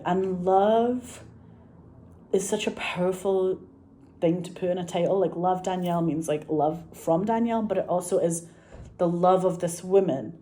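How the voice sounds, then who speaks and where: Chatty Glaswegian woman with a low, mellow voice. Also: moderate pace, slight background noise. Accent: Glaswegian Scottish. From Scotland. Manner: rambling, excitable, swears freely, laughs often. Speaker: film director. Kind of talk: casual chat to camera.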